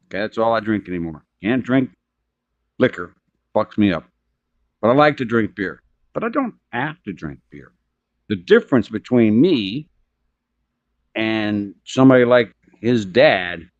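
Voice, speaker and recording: A man's voice: medium pitch, no room sound, highs cut off. A man talking casually on a stream, blunt and profane, giving strong opinions. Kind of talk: casual chat.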